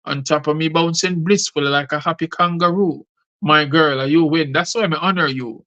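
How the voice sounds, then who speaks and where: A man's voice: on the high side, steady tone, moderate pace, sharp tone. A man who hosts a show and recites his rhyming poetry in a rhythmic delivery. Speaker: poet and show host.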